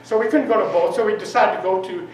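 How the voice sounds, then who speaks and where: A woman with a medium-pitched, slightly mellow voice speaks quickly as a lay minister, delivering an informal sermon to her congregation in a church meeting room. She talks conversationally and asks the audience questions. The hall is very echoey and the mic sits far away.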